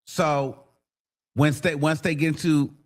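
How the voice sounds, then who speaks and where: A man talks straight to his livestream viewers, blunt and animated, his voice sitting a little above the usual male range. He breaks off now and then to mimic other people. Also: on the high side, takes it slowly. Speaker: livestream host. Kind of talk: casual commentary to viewers.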